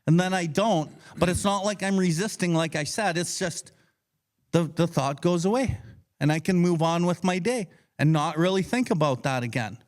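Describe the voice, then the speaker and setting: Brief: male podcast co-host, fairly high voice, blunt and profane, teaches casually and acts out his inner voice. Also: normal speed. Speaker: podcast co-host leading a recovery book study.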